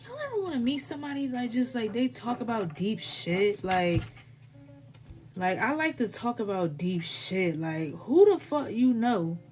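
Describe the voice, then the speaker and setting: A woman's voice: a little high, sing-song, unhurried, darkish tone, slight background noise. A woman doing a casual live tarot reading, talking in a blunt, rambling way full of swearing. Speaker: tarot reader.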